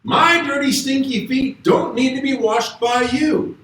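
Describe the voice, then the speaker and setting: A preacher putting on a startled, protesting apostle. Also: male voice, extremely high pitch, a little slow, a bit bright, voice pushed up. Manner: incredulous, exaggerated protest. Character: startled, protesting fisherman apostle, adult man. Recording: echoey hall from far off.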